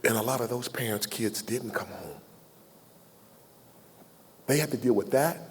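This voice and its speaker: At a gala in a large banquet hall, a Southern US man in his sixties delivers a heartfelt, folksy keynote, joking with the crowd and fielding questions. His voice is medium-pitched and measured, with a breathy edge. The ballroom PA adds a long hall reverb.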